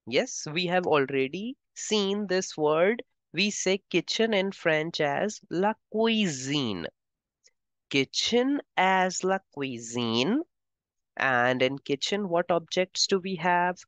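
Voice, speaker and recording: A woman teaching French vocabulary, speaking slowly and carefully and repeating each word twice. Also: deep voice, fairly bright tone, smooth, dry recording, dull audio. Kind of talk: vocabulary lesson.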